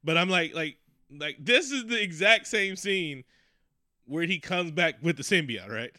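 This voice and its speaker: Bright-voiced profane ranting man. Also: fairly high pitch, unhurried, dry recording, clean studio sound. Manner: profane, animated, rants with mock quotes. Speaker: podcast co-host. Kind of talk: casual movie chat.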